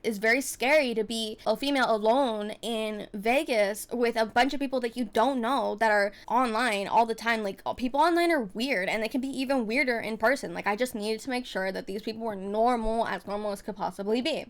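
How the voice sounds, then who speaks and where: A woman telling a personal story in a casual vlog, chatty and full of "like" fillers, swearing freely and swinging between loud outbursts and soft asides. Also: on the high side.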